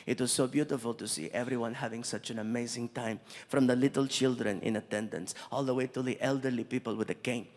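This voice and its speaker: A man voicing a young prince who speaks slowly and formally, with gracious calm. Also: close to an everyday voice. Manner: slow, formal, deep and measured. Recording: reverberant venue, faint noise.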